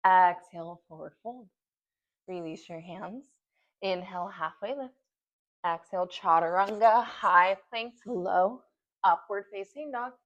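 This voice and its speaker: A woman's voice: fairly low pitch, a little slow, muffled recording. Breathless woman cueing a yoga flow. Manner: short breath-paced instructions while doing the poses. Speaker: yoga instructor. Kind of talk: guided yoga class cues. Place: home.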